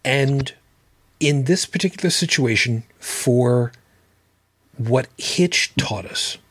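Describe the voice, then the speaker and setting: A man's voice: mid-range voice, takes it slowly, fairly bright tone, breathy edge, no echo. A man hosting a livestreamed podcast who talks casually, bluntly and with plenty of swearing. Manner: blunt, profane, emphatic. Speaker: podcast host.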